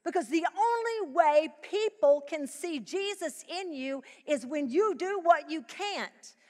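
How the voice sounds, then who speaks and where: A woman Bible teacher preaching to a live audience, swinging from hushed tones to loud emphasis. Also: extremely high pitch, animated, slow pace, long reverb tail. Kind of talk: sermon. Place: large live event venue.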